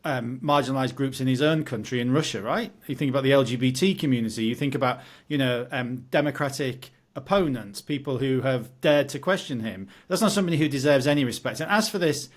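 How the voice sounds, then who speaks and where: A man's voice: medium pitch, quick pace, few pauses. A British man co-hosting a casual political podcast, blunt and jokey, getting heated when he argues. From United Kingdom. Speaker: podcast co-host.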